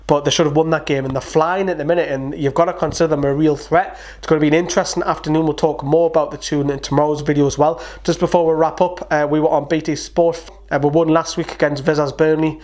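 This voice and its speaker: Geordie football fan host, chatty and opinionated, slightly higher voice, casual preview chat. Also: male voice, a little mellow. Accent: Newcastle (Geordie). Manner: chatty, opinionated, quick asides. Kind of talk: casual match preview to camera.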